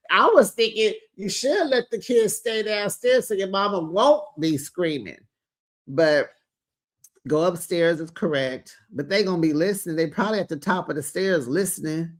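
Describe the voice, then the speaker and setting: A host giving a casual recap of a reality show, chatty, with quick teasing asides, laughing often and acting out what people said. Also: medium pitch.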